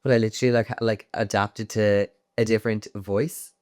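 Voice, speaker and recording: A man's voice: fairly low pitch, level tone, a little mellow. A young man from the countryside, a podcast guest telling stories in a rambling, casual way. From rural Ireland. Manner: rapid, rambling storytelling. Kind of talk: casual chat.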